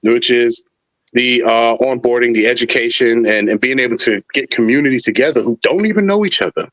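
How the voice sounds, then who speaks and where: A man's voice: medium pitch, a little fast. Laid back guy talking slang about his show, kinda dull lo-fi sound. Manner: relaxed, slangy, enthusiastic. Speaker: podcast guest, trivia show creator. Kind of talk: casual chat.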